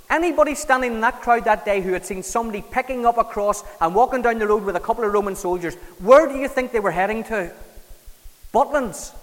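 A fairly high-voiced man preaches an emphatic, conversational sermon. He acts out quoted voices and drops his voice low for weight. A long reverb of a church hall hangs on every line.

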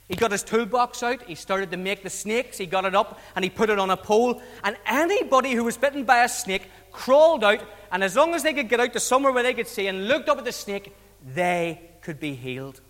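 High-voiced man preaching a storytelling children's talk, reverberant church hall. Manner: lively, colloquial, asks the audience questions.

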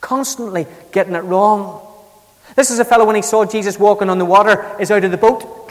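A man preaching a sermon, telling Bible stories in a lively, dramatic way with big swings between loud and quiet. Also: high-pitched, a little fast, in a large hall.

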